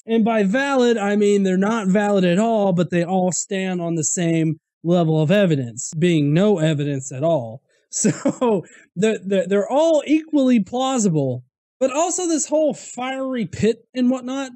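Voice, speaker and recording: High-voiced man, mellow and irreverent. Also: dry recording. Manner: irreverent, swears freely, laughs at points. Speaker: host. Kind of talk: casual commentary on viewer comments.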